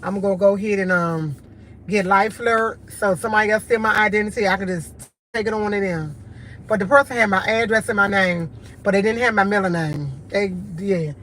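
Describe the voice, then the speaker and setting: A woman's voice: medium pitch, brisk, fairly bright tone, low-quality recording. Chatty fired-up woman in aave, live stream outside, traffic noise behind her. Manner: indignant, chatty storytelling. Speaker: vlogger. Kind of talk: casual live-stream chat.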